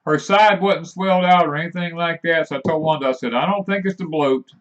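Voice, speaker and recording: A man's voice: on the high side, a little fast, fairly bright tone. A middle-aged man, co-hosting a casual homestead live stream and telling farm stories in a folksy drawl. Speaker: homesteading channel co-host. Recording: dull lo-fi stream audio.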